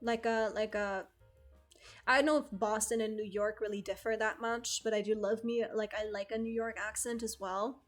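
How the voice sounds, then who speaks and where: A woman's voice: fairly high pitch, steady tone, normal speed, faint music behind. A young woman streamer chatting casually with her viewers, rambling and correcting herself, laughing often. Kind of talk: casual chat with live chat.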